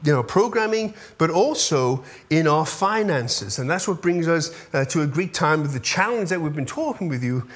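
Man, fifties, high-pitched, pastor, conversational, checks in with the audience, gets choked up. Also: animated, normal speed, few pauses, fairly bright tone. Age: 50s. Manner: chatty, keeps checking in with the listeners; easily moved, voice catches when thanking people. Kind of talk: congregational update from the pulpit.

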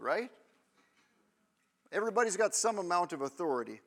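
A man's voice: sits high, fairly bright tone. A man in his thirties preaching a sermon in a conversational way, often checking in with the congregation. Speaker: pastor.

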